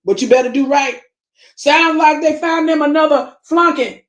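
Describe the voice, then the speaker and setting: Her voice sits high and moves at a moderate pace, echoing in a reverberant room. A Southern-accented YouTube host, she talks casually to viewers she calls family, preaching emphatically and repeating herself.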